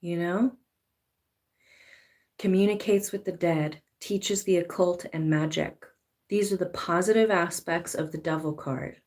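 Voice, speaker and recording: A woman's voice: on the low side, steady tone, unhurried, a little mellow. A woman giving a casual spiritual talk as a tarot reader, swearing freely and now and then acting out pleading voices. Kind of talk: spiritual monologue.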